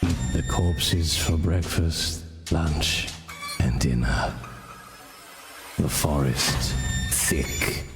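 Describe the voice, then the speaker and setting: A man's voice: a bass voice, very slow, pauses often, exaggerated voice. A man voicing a sinister advert narrator, speaking in ominous, clipped phrases. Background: loud eerie music.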